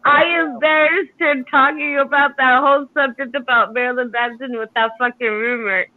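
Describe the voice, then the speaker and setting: A woman's voice: high voice, little pitch movement, moderate pace, dry recording. A woman telling a rambling anecdote with plenty of fillers in a casual chat. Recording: tinny phone-like line.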